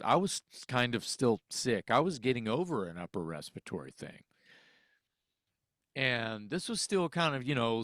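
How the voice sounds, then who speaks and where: Animated, swearing storyteller man. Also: mid-range voice, no echo, studio quality. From Texas. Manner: animated, acts out phone calls, swears freely. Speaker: interview guest, singer. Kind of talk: casual storytelling.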